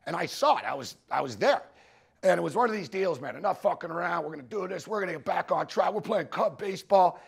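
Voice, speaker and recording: A man's voice: high voice, lively intonation, quick pace, creaky, slightly rough. A man giving a conference talk on sports betting, telling profane, punchy anecdotes and repeating his points for the audience. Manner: profane, storytelling, punchy repetitions. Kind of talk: animated anecdotal presentation.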